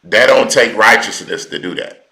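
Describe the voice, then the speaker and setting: A man preaching a teaching sermon, slow and deliberate, repeating key words for emphasis in informal, colloquial speech. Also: fairly low pitch, creaky, bright, forceful tone, echoey room, rough recording.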